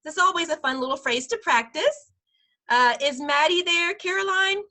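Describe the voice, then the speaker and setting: A woman teaching parents simple Spanish phrases in an online class, patient and slowing down over each phrase. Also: very high voice, animated, sharp tone. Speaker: preschool director teaching parents.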